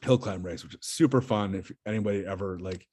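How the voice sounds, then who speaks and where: A man's voice: low-pitched, quick pace, darkish tone. A man as a podcast guest, telling a story in casual chat, rambling with lots of fillers and restarts.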